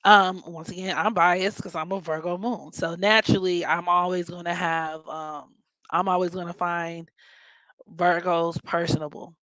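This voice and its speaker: A woman's voice: fairly low pitch, steady tone, moderate pace, fairly bright tone, dry recording, rough recording. A woman from Maryland with a Baltimore accent, hosting a casual astrology chat in a blunt, profane, joking way. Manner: blunt, profane, joking, playful mock voices. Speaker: astrology podcast host.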